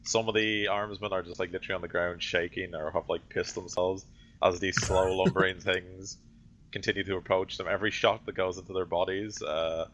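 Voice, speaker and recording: A man's voice: low voice, flat delivery, fairly quick, a bit bright, muffled recording, a little hiss or hum. A man narrating a tabletop role-play game as game master, rambling through his descriptions with lots of fillers and self-corrections.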